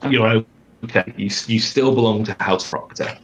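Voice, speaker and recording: A man's voice: on the low side, steady tone, moderate pace, slight background noise, rough recording. A man narrating as game master over a video call, with a wry, rambling delivery and plenty of fillers. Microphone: computer mic on a video call.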